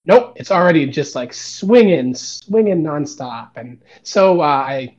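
A man's voice: a little high, expressive, a little slow, darkish tone. A man co-hosting a casual wrestling podcast, rambling with many fillers. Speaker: podcast co-host. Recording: dull lo-fi mic.

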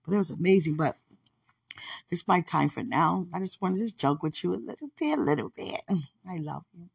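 Husky, gravelly-voiced woman podcaster. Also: fairly low pitch, animated, brisk. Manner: teasing, laughs often, rambling. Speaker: podcast host. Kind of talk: casual heartfelt monologue.

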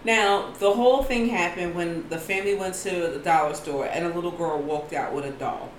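A woman recounting a news story in casual commentary chat, animated and profane. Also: fairly low pitch, normal speed. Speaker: co-host. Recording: echoey room with faint noise.

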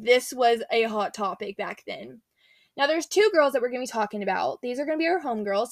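A young woman with a fairly high voice gives an earnest, chatty devotional talk. She retells scripture in a casual, slangy storytelling way. The sound is close and dry. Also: dry recording. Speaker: faith speaker.

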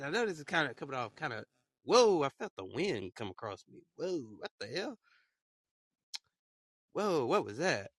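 A man's voice: fairly high pitch, sing-song, normal speed, pauses often, fairly bright tone, slightly rough, no echo. A young man hosting a podcast in loose, casual chat, rambling in slang with lots of fillers. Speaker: podcast host.

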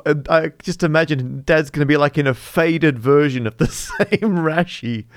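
A man's voice: on the high side, normal speed, clean tone, no echo, studio quality. A man co-hosting a podcast, chatting casually and laughing through his stories. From Australia. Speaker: podcast co-host. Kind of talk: casual chat.

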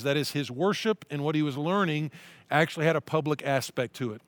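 A man's voice: fairly high pitch, dry recording. Earnest preaching man, dry close sound. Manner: earnest preaching, slows down to read scripture aloud. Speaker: pastor. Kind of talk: sermon. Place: church at-home broadcast.

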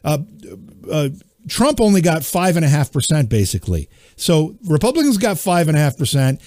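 A man hosting a political talk show, reading out news with sarcastic exasperation and dropping low on his punchlines. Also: very animated, moderate pace, darkish tone, no room sound, studio quality. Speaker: show host.

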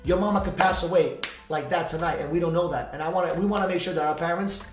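A man hosting a podcast, speaking fast and heartfelt in an emotional personal monologue, repeating himself and swearing freely. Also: on the high side. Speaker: podcast host. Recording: echoey room with faint music.

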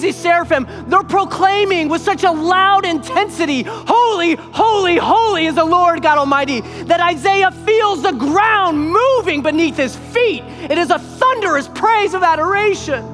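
Preacher, high voice, emphatic sermon delivery, long hall reverb, faint music underneath. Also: fairly bright tone. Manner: emphatic, repeats phrases for weight.

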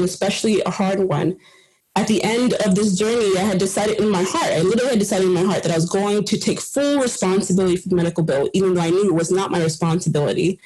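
A woman with a slightly husky voice tells a personal story on a podcast. She is earnest and animated and laughs now and then. Her pitch sits in the middle range. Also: poor audio. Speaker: podcast team member sharing a personal story.

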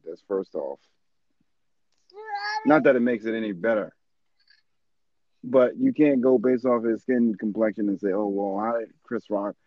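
A man's voice: mid-range voice, no room sound, highs cut off. Frank, emphatic young man, dry sound. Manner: frank, emphatic, repeats words for stress. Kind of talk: casual chat.

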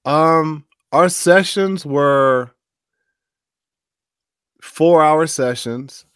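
A man's voice: on the high side, drawn-out words, clean tone, no room sound, studio quality. A middle-aged man, a voice actor, telling stories in a casual interview and acting out the voices of the people he quotes. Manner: animated storyteller, acts out quoted voices. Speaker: voice actor guest.

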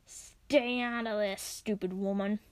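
A woman's voice: mid-range voice, fairly even intonation, slow pace, no room sound, lightly acted. A woman doing a sneering drunk biker. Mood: angry. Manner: bellowing, sneering. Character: hulking drunk biker, belligerent and rude.

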